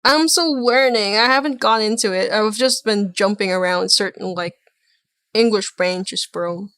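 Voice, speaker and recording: A woman's voice: mid-range voice, a little slow, a bit bright, clear, resonant tone, no room sound. A woman streaming, reacting to videos with casual commentary and joking, laughing asides.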